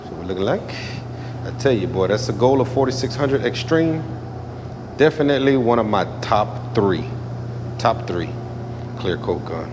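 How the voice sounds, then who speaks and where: A man's voice: lowish voice, animated, normal speed, pauses often, noisy background. A man working as an automotive painter, talking casually in a shop vlog. He is laid-back, repeats his phrases and often adds "man".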